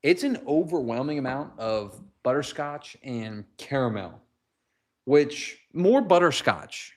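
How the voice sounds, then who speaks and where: Speaking slowly with lively intonation in a mid-range voice, a man runs a relaxed whiskey livestream from home. He cracks jokes as he strolls to his garage, recording on a handheld phone.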